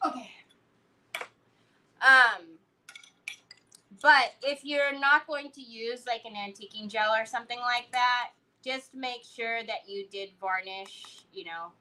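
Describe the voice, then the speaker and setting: A woman hosting a live crafting stream, chatting casually and telling animated stories as she works. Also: mid-range voice, slight background noise, low-quality recording. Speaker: craft livestream host.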